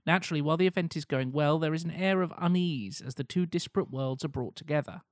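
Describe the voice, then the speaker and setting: A man co-hosting a podcast, reading out a story pitch in a steady, measured way. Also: no echo, studio quality. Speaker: podcast co-host. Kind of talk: reading a plot pitch aloud, casual chat.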